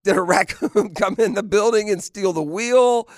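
A man hosts a sports radio show, his voice sitting a little high for a man. He banters playfully, laughing often and teasing with rhetorical questions. The studio sound is close and dry. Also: normal speed, no room sound. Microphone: studio microphone.

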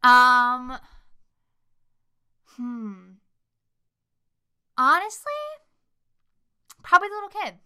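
A woman co-hosting a casual movie podcast, her voice very bright and higher than most. She talks in a smooth, clear tone, swears freely and throws herself into acting out the lines she quotes. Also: drawn-out words, long pauses. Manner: swears a lot, animated retelling with quoted lines. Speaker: podcast co-host. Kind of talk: casual chat about movies.

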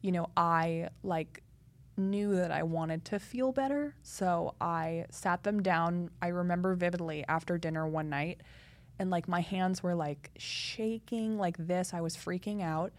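A young woman, a podcast guest, chatting in a lively way full of fillers as she tells her story. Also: fairly low pitch, measured pace. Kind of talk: casual interview talk.

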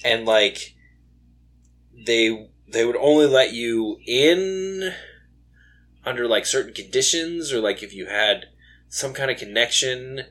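Slow-talking rambling man on a podcast. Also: mid-range voice, expressive, a bit bright. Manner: rambling, many fillers and restarts. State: tired, late at night. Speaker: podcast co-host. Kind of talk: casual podcast chat.

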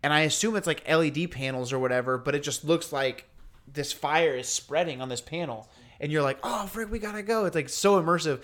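A man chatting casually on a podcast, retelling an experience in an animated, slangy way and acting out the lines people said. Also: a little high, a little fast. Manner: slangy, laid-back. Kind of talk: casual chat.

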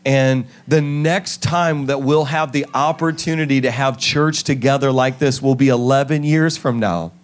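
A man preaching as a pastor in a large church, earnest and emotional, moving between a half-sung scripture reading and soft heartfelt talk. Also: medium pitch, steady tone, moderate pace, hardly any pauses. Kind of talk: sermon.

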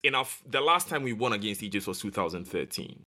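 A man's voice: lowish voice, animated, fast, bright, forceful tone. A man discussing football results as a pundit on a podcast, then reading scores in a commentator's manner.

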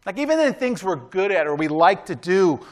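High-voiced man preaching conversationally. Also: sing-song, brisk. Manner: conversational preaching with frequent "right?" asides; emphatic, exhorting. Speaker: pastor. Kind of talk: sermon.

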